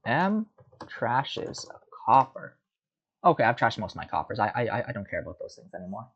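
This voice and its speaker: A man's voice: mid-range voice, big pitch swings, moderate pace, fairly bright tone, husky, muffled recording. A man giving casual, rambling commentary while playing a card game, muttering and mocking himself.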